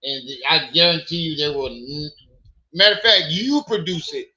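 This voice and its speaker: A man's voice: fairly high pitch, lively intonation, moderate pace, pushed and bright. Fired-up man ranting on a lo-fi stream. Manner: angry, profane, repeated questions. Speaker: livestream host. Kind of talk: heated livestream commentary.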